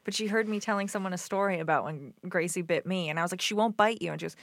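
A woman co-hosting a casual chat, laughing easily and getting animated as she tells her stories. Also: lowish voice, quick pace, dry recording.

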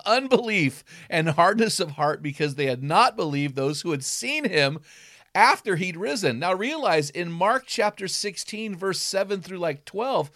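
A man, a former football coach, talking through Bible passages in an animated casual way, acting out quotes with loud bursts. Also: high voice, dry recording, studio quality. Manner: emphatic, acts out quotes with sudden loud bursts.

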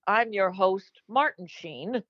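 A woman's voice: mid-range voice, lively intonation, slow, fairly bright tone, no echo, muffled recording. A woman co-hosting a comedy podcast, bantering playfully and laughing often as she riffs on bits from a remote home setup. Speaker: podcast co-host.

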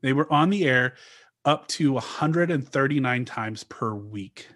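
A man's voice: medium pitch, animated, measured pace, a bit bright. A man co-hosting a casual podcast, recounting a story at length with frequent restarts. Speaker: podcast co-host.

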